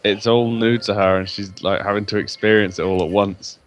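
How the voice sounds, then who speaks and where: A man's voice: fairly low pitch, fairly even intonation, fairly quick. A man playing a tabletop game, chatting and joking casually with the group. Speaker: player. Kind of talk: casual chat.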